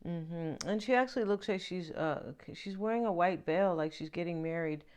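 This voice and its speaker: A woman's voice: fairly low pitch, normal speed, a little mellow, smooth. A woman giving a casual, chatty tarot reading, often musing aloud and asking "right?". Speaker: tarot reader.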